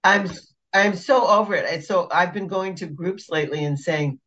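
A woman who co-hosts a podcast and works as a facilitator chats casually, getting emphatic and exasperated about her pet peeves. Her voice is fairly low, a bit bright, and moderately paced, with a lo-fi sound.

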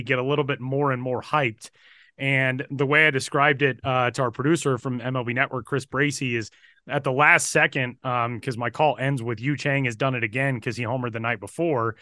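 A man, a baseball broadcaster, telling stories on a podcast in a casual, energetic way with some fillers. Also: mid-range voice, brisk, dry recording, studio quality. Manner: energetic, animated retelling with fillers.

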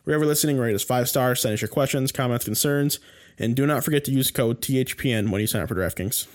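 A man's voice: mid-range voice, quick pace. A man co-hosting a sports podcast in casual chat, rambling and heated, with many restarts and fillers. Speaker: podcast co-host.

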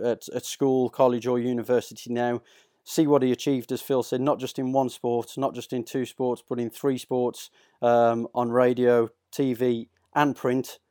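A man's voice: medium pitch, mellow, clean tone, no room sound, clean studio sound. A man in speedway journalism, paying tribute to a late colleague, often restarting his words. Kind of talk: tribute interview answer.

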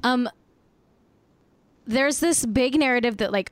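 A young woman hosts a podcast from her desk at home over a video call, her voice smooth and clear. She talks casually and bluntly, swears freely and fills her sentences with "like." The sound is dry and close, with no room echo. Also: fairly high pitch, a little slow, pauses often. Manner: frank, swears freely, heavy use of "like". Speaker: podcast host. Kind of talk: casual chat.

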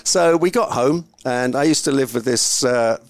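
Older guy rambling thru an old story, mid pitch, dry close sound. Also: moderate pace, no room sound. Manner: rambling, animated, acts out quoted voices. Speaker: guest. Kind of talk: casual storytelling.

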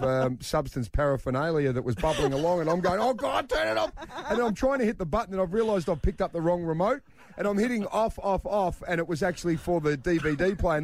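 Animated man telling a story. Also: high-pitched. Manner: animated, self-mocking, acts out quotes. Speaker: radio host. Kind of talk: casual storytelling.

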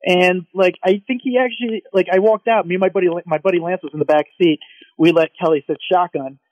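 A man co-hosting a podcast, gushing and excitable as he tells a story in casual chat. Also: sits high, dry recording, muffled recording. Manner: excitable, gushing, quick anecdotes. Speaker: podcast co-host.

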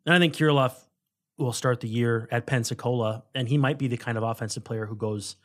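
A man's voice: medium pitch, fairly even intonation, a little fast, fairly bright tone. A man co-hosting a baseball podcast, talking casually and rambling through scouting notes with frequent self-corrections. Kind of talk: casual sports chat.

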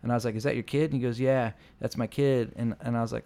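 A man in his forties who is a pastor talks through a casual podcast chat. His pitch sits in the middle of the male range. He rambles a little and acts out the voices of the people in his stories. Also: fairly even intonation, rapid-fire, hardly any pauses, a little mellow. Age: 40s.

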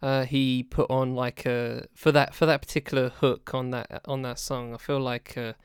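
A man chatting casually about an album, halting and searching for words, laughing often. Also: medium pitch, flat delivery, clean tone, dry recording, clean studio sound. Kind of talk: casual music discussion.

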